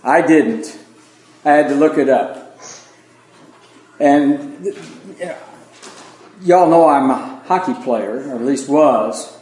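A man's voice: medium pitch, slow, pauses often, a little mellow, echoey room, rough recording. A man preaching an evening Bible lesson in a conversational sermon style, folksy and self-deprecating, with plain asides to his congregation.

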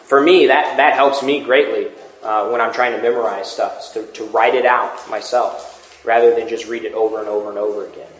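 A man's voice: lowish voice, fairly even intonation, brisk, roomy sound, rough recording. A man preaching a sermon in a conversational teaching manner, with asides and restarts.

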